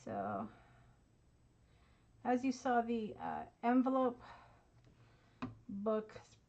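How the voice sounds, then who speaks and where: A woman's voice: fairly high pitch, wildly swooping pitch, very slow, mellow, highs cut off. A woman, chatting casually and teasing herself while crafting at her home desk. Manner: chatty, self-mocking, talks to viewers as y'all. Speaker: craft channel host.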